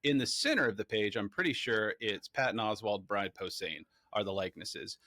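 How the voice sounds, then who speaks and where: A man being interviewed about his documentary, telling animated stories and acting out what people said. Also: on the low side, moderate pace, no echo, studio quality. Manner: animated, excitable storyteller acting out quotes. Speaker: documentary filmmaker guest. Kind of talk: casual interview storytelling.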